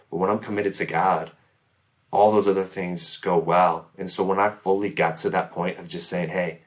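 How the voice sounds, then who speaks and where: A man speaking as a podcast guest, sharing his testimony in an earnest, emphatic way. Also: low voice. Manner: earnest, emphatic, many "right?" asides. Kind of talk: casual testimony chat.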